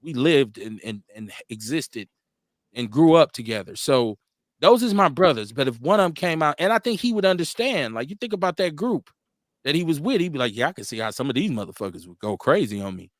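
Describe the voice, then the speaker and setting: A man's voice: a little high, sing-song, brisk, no room sound, clean studio sound. A man hosting a casual live stream, reading viewer comments aloud and answering them frankly, often laughing and repeating himself. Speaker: live-stream show host.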